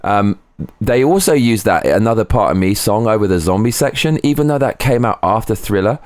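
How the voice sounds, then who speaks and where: A man's voice: on the low side, animated, fairly quick, dry recording, clean studio sound. A man streaming live from home, chatting casually, rambling and swearing as he goes. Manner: rambling, swearing, breaks into sung snatches. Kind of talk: casual livestream chat.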